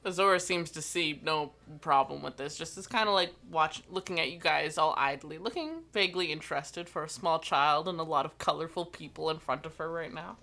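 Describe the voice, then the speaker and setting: A woman narrating as game master of a tabletop game, slow and descriptive with frequent fillers. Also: low-pitched, vocal fry, bright, forceful tone.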